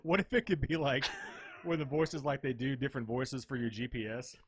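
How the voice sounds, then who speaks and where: A man's voice: medium pitch, fairly even intonation, fairly quick, a little hiss or hum. A man co-hosting a podcast in casual chat, wisecracking and crude. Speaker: podcast co-host.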